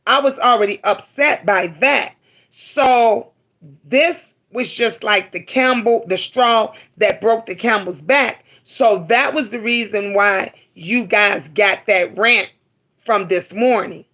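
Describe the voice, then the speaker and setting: Heartfelt middle-aged woman, bright voice. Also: medium pitch, slow. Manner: heartfelt, repeats herself for emphasis. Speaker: livestream host. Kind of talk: emotional live-stream talk to viewers.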